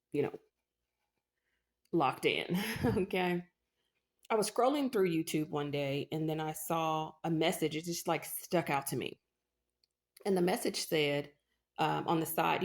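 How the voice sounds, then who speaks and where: A woman with a notably low voice recounts her personal testimony in an earnest, conversational way. She leans on "you know" fillers as she talks, sounding sincere and emotionally invested. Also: vocal fry. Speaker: testimony speaker. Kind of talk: personal testimony, casual storytelling.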